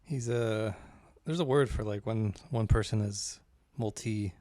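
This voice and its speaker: A man co-hosts a casual movie podcast in a laid-back, offhand way, with plenty of filler words. His voice is somewhat low. The recording is dry and close. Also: measured pace, dark tone, no echo. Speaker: podcast co-host. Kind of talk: casual chat.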